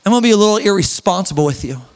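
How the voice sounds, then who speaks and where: A young man preaching a sermon as a pastor, with an emphatic, drawn-out delivery, sudden shouts and joking asides. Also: sits high, expressive, clean tone. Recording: echoey church hall reverb.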